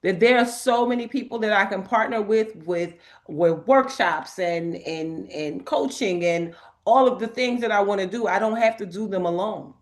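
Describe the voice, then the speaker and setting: A woman hosting a spiritual talk, animated and emphatic, laughing often as she reads inspirational cards. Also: medium pitch, normal speed. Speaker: host. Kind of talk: spiritual talk and card reading.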